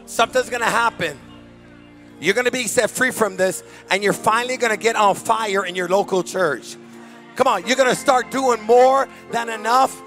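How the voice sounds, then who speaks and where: A man preaching a fervent deliverance sermon as pastor at a church service, shouting commands. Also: high voice, normal speed, soft background music.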